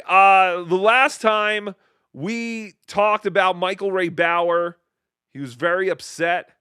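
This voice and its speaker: Lively, bright-voiced male show host. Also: fairly high pitch, clean tone, dry recording, clean studio sound. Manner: riffing, jokey, slips into silly impressions. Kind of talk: casual livestream chat, reading viewer messages.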